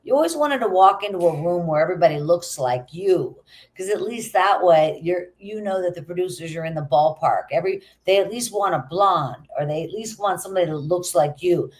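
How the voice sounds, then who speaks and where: A middle-aged actress chatting as a guest in an interview, telling stories in an animated way. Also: female voice, lowish voice. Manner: chatty, animated storytelling with quoted asides. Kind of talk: casual interview chat.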